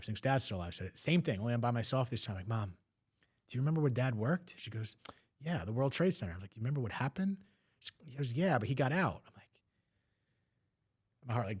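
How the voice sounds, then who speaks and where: A man's voice: fairly low pitch, slightly rough. A man telling a personal story on a podcast, emotional, slipping into quoted voices. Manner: fast, emotional retelling with acted quotes. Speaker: podcast guest.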